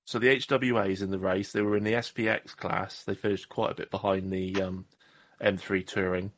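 Low-voiced rambling jokey man. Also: flat delivery, normal speed, fairly bright tone. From southwest England. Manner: jokey, rambling, self-deprecating. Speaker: podcast co-host. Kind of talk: casual chat.

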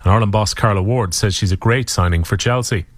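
A man reading a scripted sports bulletin on radio with a brisk, crisp read. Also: on the low side, dry recording. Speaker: sports newsreader.

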